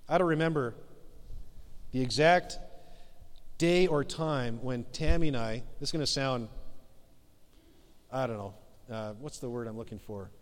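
A man's voice: medium pitch, a little slow, long pauses. A middle-aged married man, a pastor giving a conversational sermon, joking at himself and then pressing his point with urging. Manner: conversational, self-deprecating, rises to emphatic exhortation. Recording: long reverb of a large hall.

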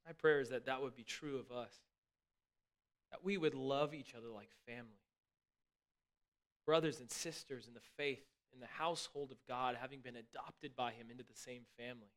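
A middle-aged man, a pastor, preaching a sermon in an earnest, emphatic way, often restarting words and dropping to soft asides. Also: mid-range voice, fairly even intonation, normal speed.

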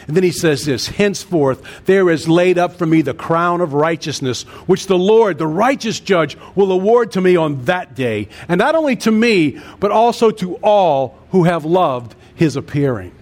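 A man's voice: high-pitched, lively intonation, moderate pace. A man in his sixties, a pastor preaching a sermon with an earnest cadence and emphatic repeated lists. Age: 60s.

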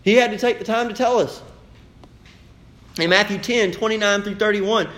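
Man, pastor preaching, high voice, rhetorical questions. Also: moderate pace, a bit bright. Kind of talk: sermon.

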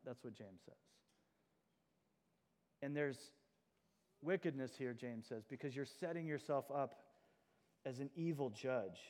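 A man's voice: mid-range voice, a little slow, pauses often, a little mellow. Earnest male preacher in a reverberant hall. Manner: earnest, emphatic preaching with a live demonstration. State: out of breath. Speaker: pastor. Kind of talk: sermon.

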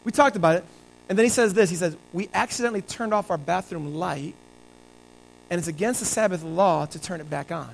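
A man's voice: high voice, fairly quick, gravelly, low-quality recording. A male pastor preaching a conversational sermon and telling stories to his congregation.

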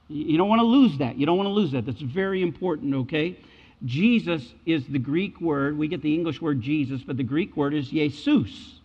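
A man's voice: a little high, highs cut off. Emphatic preaching man in a reverberant hall. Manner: emphatic preaching, repeats key phrases. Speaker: pastor. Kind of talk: sermon.

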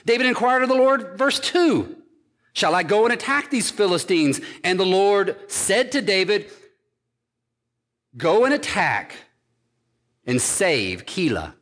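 A pastor delivers a sermon, driving his points home with steady, emphatic repetition of phrases. For a man his voice is high, and his delivery is slow and unhurried. A long church-hall reverb trails after his words.

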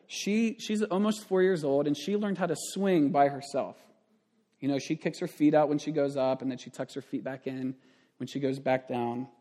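A man's voice: a little high, darkish tone. A man in his thirties, a pastor giving a conversational sermon with frequent asides and restarts.

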